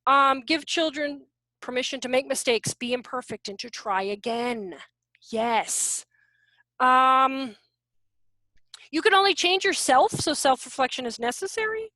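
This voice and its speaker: A high-pitched woman talks through a parenting workshop over a video call, chatty and loose, slipping into little acted-out voices of parents and kids. The sound is close and dry, with no room echo. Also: lively intonation, a little slow, bright, forceful tone. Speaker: workshop presenter on parenting and teaching. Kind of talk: casual online workshop talk.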